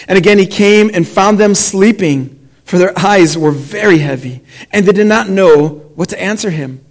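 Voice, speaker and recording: A man pastor preaching a sermon in a church, reading scripture slowly and sinking to a hushed, low delivery on the weighty lines. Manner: invites the congregation to read aloud with him. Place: church sanctuary.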